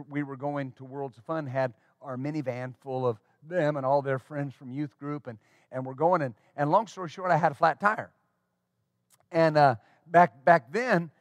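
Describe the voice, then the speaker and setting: A middle-aged man pastor telling a folksy story in a sermon, animated and full of restarts. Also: fairly high pitch, no echo. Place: church.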